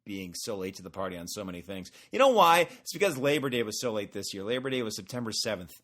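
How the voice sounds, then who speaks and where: Joking, animated podcast co-host man. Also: fairly low pitch, quick pace. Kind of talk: casual chat. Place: Vancouver.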